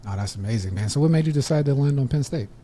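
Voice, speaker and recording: A man in his thirties hosting an interview, relaxed and chatty, laughing easily. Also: medium pitch, rapid-fire, slight background noise. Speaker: interview host. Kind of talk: casual interview talk.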